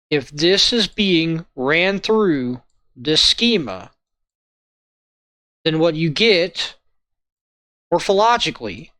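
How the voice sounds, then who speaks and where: A man walking viewers through a logic lesson in a halting way, often checking in with "right?" and "okay?". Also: a little high, bright, forceful tone, no echo. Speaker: logic tutor. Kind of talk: informal lesson walkthrough.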